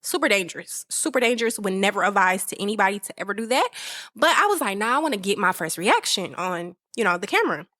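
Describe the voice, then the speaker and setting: A woman hosting a casual music review podcast, chatty and animated, acting out how her friends react. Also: medium pitch, quick pace, dry recording, studio quality. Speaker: podcast host.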